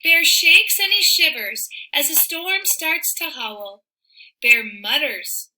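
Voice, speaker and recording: Woman, children's storybook reading, high and bright voice, sing-song, unhurried. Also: poor audio. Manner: expressive, sing-song reading with soft spoken asides. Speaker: storyteller reading a picture book aloud. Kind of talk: read-aloud storytelling for children.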